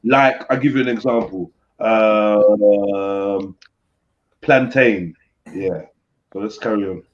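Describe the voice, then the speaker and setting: A man's voice: lowish voice, fairly even intonation, slow pace, highs cut off. A man hosting a casual live stream, teasing and mimicking accents with frequent laughs.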